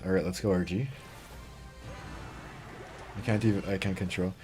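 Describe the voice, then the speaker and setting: A man's voice: low voice, fairly even intonation, moderate pace, long pauses, dark tone, soft background music. A young man livestreaming a mobile game, chatting casually, reading chat and reacting to plays.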